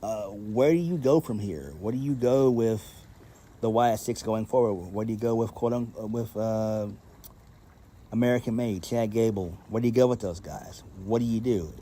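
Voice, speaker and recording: A man's voice: lowish voice, normal speed, mellow. A man giving a casual solo review of a wrestling show, blunt and exasperated, swearing freely and talking to his viewers.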